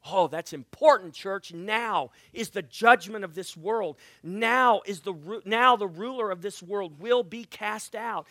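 Male pastor, high bright tenor, dry close mic, sermon that surges loud then drops to a hush. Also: a little slow, hardly any pauses, dry recording. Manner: dramatic swings from loud proclaiming to hushed near-whisper; acts out Bible voices with playful asides.

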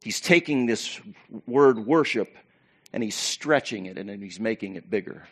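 A pastor preaching to his church, animated and preacherly, with loud bursts and quiet asides. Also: fairly low pitch, measured pace, slightly rough. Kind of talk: sermon.

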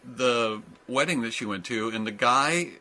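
A man's voice: mid-range voice, unhurried, pushed and bright. A man hosting a comedy show, joking playfully over a computer mic on a video call. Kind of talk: casual online chat.

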